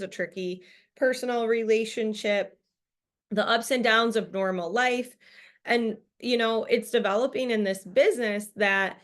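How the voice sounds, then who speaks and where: A woman runs a business training call as team leader, keeping her motivational talk casual and upbeat, with plenty of fillers and laughs. She has a slightly high voice with a fairly bright tone.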